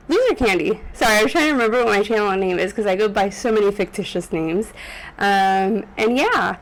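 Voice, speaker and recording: A woman's voice: mid-range voice, poor audio. A woman in her twenties talking casually to the camera in her apartment room on a desk microphone, rambling with many ums and corrections and close to tears. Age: 20s. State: tearful, on the verge of crying. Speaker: vlogger. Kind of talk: casual vlog talk to camera. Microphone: USB desk microphone.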